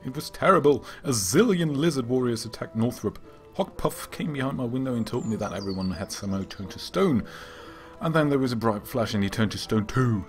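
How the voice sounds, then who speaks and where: A slightly hoarse man voicing a frightened young male village apprentice, breathless and pleading. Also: medium pitch, expressive, a little fast, faint music behind, natural voice. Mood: panicked.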